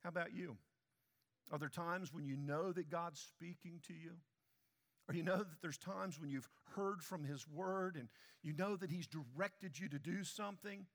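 A pastor delivers an emphatic sermon in a church sanctuary, asking the congregation questions directly. He speaks at normal speed in a fairly high voice, and the sound has the feel of a large hall.

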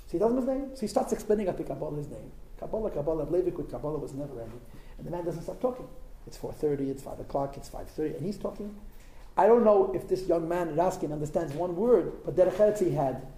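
A man's voice: on the high side, lively intonation, quick pace, mellow. A man telling a story in an informal religious talk, conversational and emphatic, with asides to his listeners. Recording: roomy echo with faint background.

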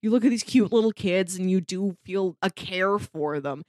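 A woman's voice: mid-range voice, moderate pace, darkish tone, no room sound, clean studio sound. A woman co-hosting a podcast in casual chat, full of "like" fillers and laughing mid-sentence. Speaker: podcast co-host.

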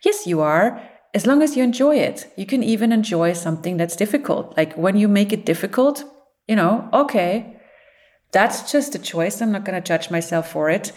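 A woman psychologist giving a motivational talk, playful and expressive, who laughs often and speaks in loose, encouraging phrases. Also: mid-range voice, normal speed.

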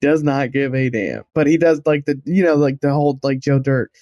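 A man playing a tabletop game, describing his character with lively enthusiasm. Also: medium pitch, moderate pace, dry recording, dull audio. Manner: animated, enthusiastic storytelling. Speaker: player.

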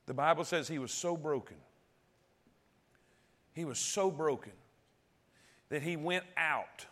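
A man's voice: fairly high pitch, a bit bright. A man preaching a sermon as pastor, calling out to the congregation and repeating key phrases.

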